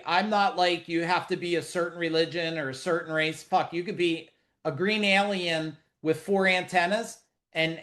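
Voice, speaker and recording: A middle-aged man hosting a live business webinar over a video call, talking casually, bluntly and profanely with lots of jokes. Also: a little high. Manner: blunt, profane, animated and joking.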